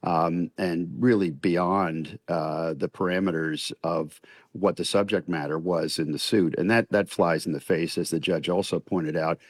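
Deep-voiced older man, measured and deliberate. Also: steady tone, dry recording, clean studio sound. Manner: measured and deliberate, frequent "uh" pauses. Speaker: retired federal judge, interview guest. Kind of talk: radio news interview.

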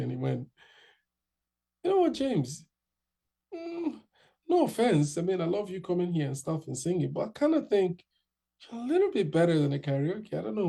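Brief: young man, gravelly husky warm voice, lively storyteller doing voices. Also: fairly high pitch. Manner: animated, quotes others in raised voices. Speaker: interviewee. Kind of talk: casual storytelling.

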